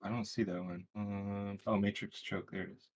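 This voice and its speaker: A man playing a tabletop role-playing game, reasoning wryly through his character's choices out loud. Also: lowish voice, little pitch movement, moderate pace, a little hiss or hum. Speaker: player. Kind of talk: casual tabletop game play.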